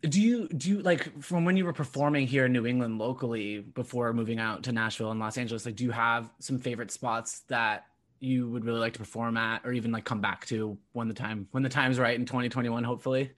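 A man interviewing a musician, asking long, relaxed, rambling questions with fillers. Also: medium pitch, fast. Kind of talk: casual interview.

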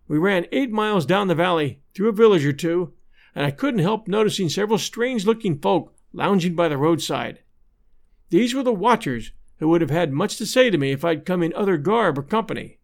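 A man narrating a classic adventure novel in a measured, even storytelling manner. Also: sits high. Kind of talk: scripted audiobook narration.

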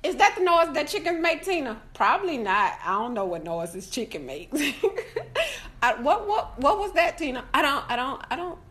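High, lively, loud-mouthed woman ranting. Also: moderate pace. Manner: loud, profane, animated, often shouting; laughs through her complaints. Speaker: food reviewer on a live video. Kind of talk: casual ranting review.

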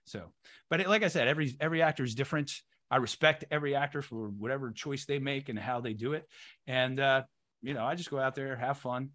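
A man, an actor being interviewed, talking in an animated and emphatic way. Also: mid-range voice, fast. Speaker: actor guest. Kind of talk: casual interview chat.

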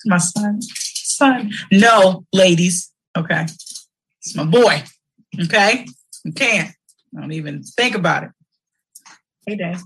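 Woman, livestream host, bright husky voice, animated and emotional, prone to shouting. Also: on the low side, slow pace, pauses often, rough recording. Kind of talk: casual livestream chat.

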